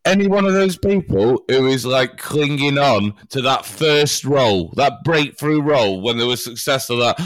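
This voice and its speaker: A man's voice: mid-range voice, lively intonation, moderate pace, few pauses, no echo. A man co-hosting a podcast, telling stories bluntly with plenty of swearing. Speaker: podcast co-host. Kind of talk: casual chat.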